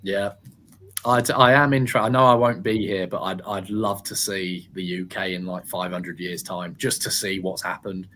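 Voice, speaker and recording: A man's voice: sits low, steady tone, normal speed, sharp tone, a little hiss or hum. A man in his twenties from England, chatting casually in a blunt, sweary way and laughing often. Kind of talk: casual chat.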